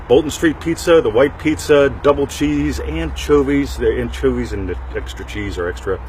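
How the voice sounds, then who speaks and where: A man's voice: medium pitch, moderate pace, a little mellow, slight background noise. A middle-aged man hosting a casual talk show, rambling and joking with frequent asides to his listeners. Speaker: podcast host.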